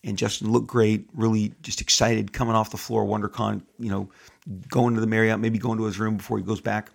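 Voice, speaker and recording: A man's voice: lowish voice, level tone, a little fast. A middle-aged man hosting a podcast into a studio microphone, talking in an enthusiastic, rambling way with many restarts. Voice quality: gravelly, husky. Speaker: podcast host. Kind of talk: casual podcast monologue.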